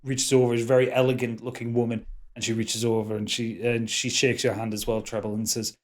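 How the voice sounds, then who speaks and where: Halting male game master. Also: medium pitch, flat delivery. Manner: halting, descriptive, quick to laugh. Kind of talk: narrating a tabletop game.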